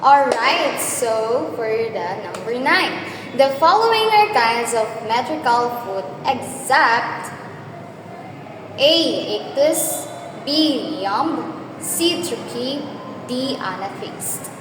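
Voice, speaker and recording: A woman's voice: on the high side, lively intonation, slow. A woman teacher, walking students through exam review questions step by step and checking in with them as she goes. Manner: explains step by step, checks in with "okay?". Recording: echoey room with loud background noise.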